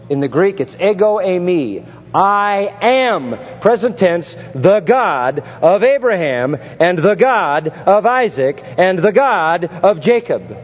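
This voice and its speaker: A man preaching an expository sermon, emphatic and building to forceful peaks with rhetorical questions. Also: high-pitched. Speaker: pastor. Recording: dull lo-fi sound with long hall reverb.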